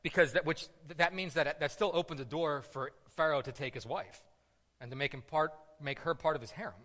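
A man preaching a sermon, telling the story in a lively way, often asking "right?" and stumbling over restarts. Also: fairly high pitch, fairly quick. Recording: echoey hall with long reverb.

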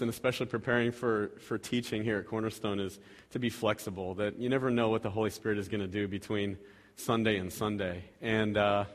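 A man's voice: mid-range voice, fairly bright tone. A man in his thirties or forties giving a casual, self-deprecating sermon and prayer at a church, rambling with restarts and chuckles. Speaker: lay preacher. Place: church sanctuary. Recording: reverberant church hall.

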